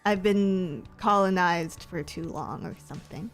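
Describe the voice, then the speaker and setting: A woman's voice: lowish voice, measured pace, faint music behind. A woman streamer chatting casually and reading viewer comments, playful, giggly and self-mocking.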